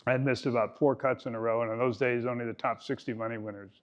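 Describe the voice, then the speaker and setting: A man's voice: mid-range voice, fairly even intonation, quick pace. Man in his eighties, golf coach, folksy keynote storytelling, self-mocking humor, dull lo-fi recording. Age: 80s.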